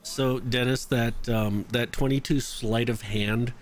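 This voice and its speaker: A man's voice: medium pitch, fairly even intonation, slow. A man plays a tabletop game in a casual, offhand way. A faint hiss sits behind his voice. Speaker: player. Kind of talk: tabletop role-play.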